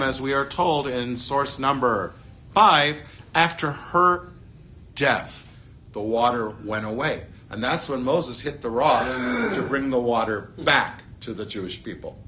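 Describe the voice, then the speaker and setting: A man teaching a Torah lesson in a lively way, full of rhetorical questions and playful asides. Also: mid-range voice, slight background noise. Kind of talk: animated classroom Torah lesson.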